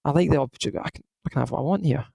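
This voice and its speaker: A man's voice: fairly high pitch, racing, creaky, breathy edge, no room sound, low-quality recording. A Scottish man in his thirties, a retired footballer, talking casually and rambling through stories with lots of restarts. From Scotland. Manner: rambling, frequent restarts, relaxed storytelling. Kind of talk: casual podcast chat.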